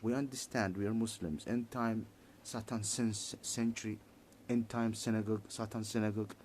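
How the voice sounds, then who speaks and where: A man giving a heated political monologue in halting, repetitive English, restarting his sentences often. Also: lowish voice, fairly even intonation, darkish tone, slight background noise.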